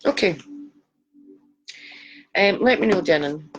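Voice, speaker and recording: A woman's voice: on the low side, expressive, takes it slowly, muffled recording. A woman giving live psychic readings, chatty and affectionate, calling viewers darling. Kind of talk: live-stream chat reading viewers' photos.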